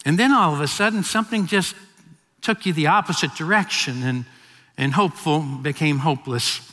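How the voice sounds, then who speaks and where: A man's voice: a little high, moderate pace, pushed and bright, long reverb tail. A man in his fifties preaching a sermon as a pastor, telling stories with frequent restarts and repeated words. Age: 50s.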